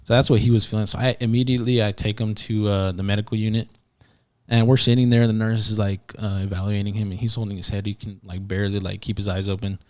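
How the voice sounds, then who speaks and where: Low-voiced man telling an animated story. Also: quick pace. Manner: animated, acts out quotes, many fillers and restarts. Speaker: podcast guest, former prison yard officer. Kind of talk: casual storytelling.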